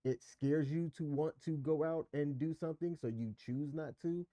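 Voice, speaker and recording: His voice is on the high side, dark in tone and steady, delivered at a moderate pace. As co-host of a relationship podcast, he speaks frankly and with emphasis, explaining his views at length in casual chat, recorded dry with clean studio sound.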